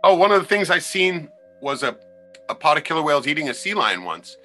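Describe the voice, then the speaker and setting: A man, a former crab fisherman, telling wild sea stories in a loose, profane, animated way on a podcast. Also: on the high side, a little fast, soft background music. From Alaska. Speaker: podcast guest. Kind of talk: casual storytelling.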